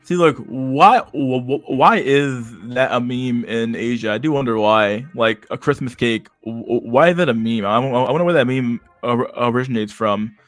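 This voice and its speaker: A man's voice: mid-range voice, moderate pace, few pauses, no room sound, soft background music. A man streaming casual commentary, reading comments aloud in a rambling, stammering way with frequent laughter.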